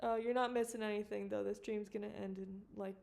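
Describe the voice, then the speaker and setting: A woman's voice: mid-range voice, fairly even intonation, a little fast, vocal fry, a little mellow. A woman animator chatting casually on a livestream while she works, rambling, giggling and swearing freely. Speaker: animator livestreaming her work. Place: home studio at a computer.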